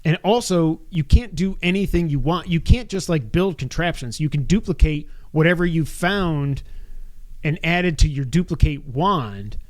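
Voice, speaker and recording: A man co-hosting a casual gaming podcast. His voice sits a little on the high side, and he runs through news items, then tacks on wry, opinionated remarks. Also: expressive, normal speed, a little mellow. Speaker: podcast co-host.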